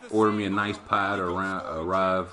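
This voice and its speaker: A man's voice: low-pitched, little pitch movement, moderate pace, bright, forceful tone. A man streaming a hockey video game, chatting casually and animatedly and swearing freely. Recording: video game arena crowd noise behind. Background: hockey game crowd and commentary.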